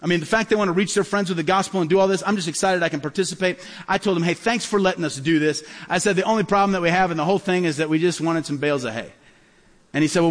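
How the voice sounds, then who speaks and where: A man preaching a sermon, with a high voice and a rapid, animated delivery. He tells stories and acts out each side of the dialogue. His voice rings out with a long reverb, as in a large church hall. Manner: animated, quick storyteller acting out dialogue. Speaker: pastor. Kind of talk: sermon storytelling.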